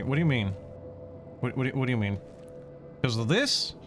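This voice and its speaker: Swearing, lively-pitched male game streamer. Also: normal speed, music in the background. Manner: sarcastic, swears a lot, answers chat. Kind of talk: casual gameplay chat.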